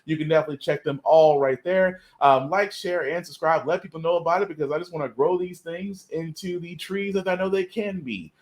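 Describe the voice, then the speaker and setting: A man's voice: on the high side, a little fast, few pauses. Earnest male podcast host. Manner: earnest, emphatic, repeats himself. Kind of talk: casual live podcast commentary.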